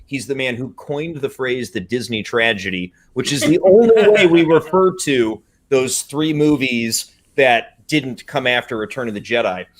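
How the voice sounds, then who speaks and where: A man's voice: medium pitch, animated, normal speed, few pauses, crowd noise. A laid-back man jokes with friends on a group podcast. He talks in an easygoing way, with a ready sense of humor. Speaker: podcast panelist. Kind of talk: casual group chat.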